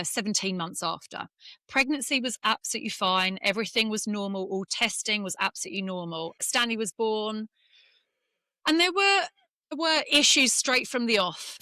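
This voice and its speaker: A woman's voice: medium pitch, sharp tone, no echo. A woman from England, a former golfer, candidly telling an emotional personal story in an interview, close to tears at times.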